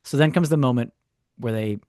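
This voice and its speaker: A man, co-hosting a podcast, telling a story in a casual, animated way with sarcastic asides. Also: medium pitch, a little fast, no room sound, clean studio sound. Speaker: podcast co-host. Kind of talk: casual chat.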